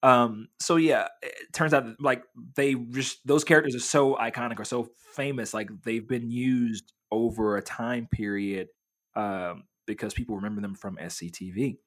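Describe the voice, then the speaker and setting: A man in casual conversation, telling a meandering story. He restarts often and fills pauses with "um" and "like", at an ordinary middle pitch. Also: steady tone, a bit bright. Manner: rambling, lots of fillers and restarts. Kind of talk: casual chat.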